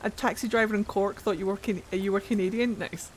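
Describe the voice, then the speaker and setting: A Geordie woman from Newcastle streams a game from home and chats away in a loose, casual way. She swears freely and answers her chat out loud. A faint hiss sits under her voice. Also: medium pitch, fairly even intonation, fast talker. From Newcastle, England.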